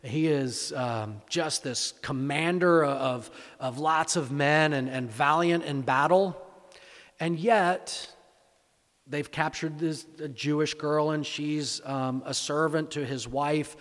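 A man's voice: a little high, slow pace, a bit bright. A male pastor preaching a conversational sermon, full of rhetorical questions and repeated words. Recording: echoey hall.

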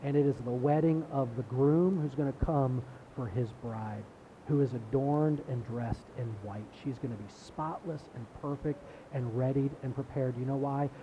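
A man's voice: mid-range voice, moderate pace, highs cut off, a little hiss or hum. A man giving a sermon as pastor, in a conversational preaching style that repeats words and builds emphasis.

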